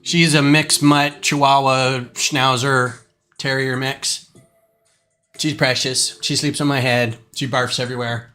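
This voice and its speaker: A man's voice: mid-range voice, bright, forceful tone. A man chatting casually at home while building a kit on a live stream, rambling with plenty of fillers. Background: faint music.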